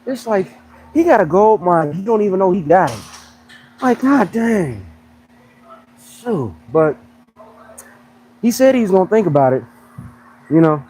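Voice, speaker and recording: Animated joking man, fairly high voice. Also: measured pace, pauses often, a little hiss or hum, low-quality recording. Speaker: fitness coach and pro bodybuilder. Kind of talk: casual livestream chat.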